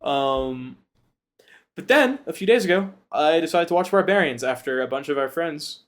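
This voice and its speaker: Man, slightly high voice, casual podcast chat, rambling, profane, animated. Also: normal speed. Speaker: podcast cohost.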